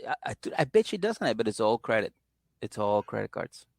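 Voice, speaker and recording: Sitting on a couch at home with his dog, a man co-hosts a comedy podcast recapping a reality show, chatting casually and acting out people's lines in put-on voices. His voice is on the low side, creaky, very animated and fairly quick, with no room sound.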